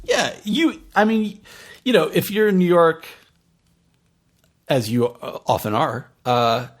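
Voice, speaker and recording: A man's voice: on the high side, animated, slow pace. A man running a tabletop game as game master, describing the scene in a loose, rambling way full of fillers. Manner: rambling, many fillers and restarts.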